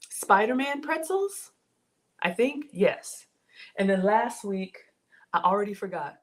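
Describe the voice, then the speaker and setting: A middle-aged woman hosting a casual home cooking livestream, playful and chatty as she greets viewers by name. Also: mid-range voice. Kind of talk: casual live cooking stream chat. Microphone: streaming from home setup.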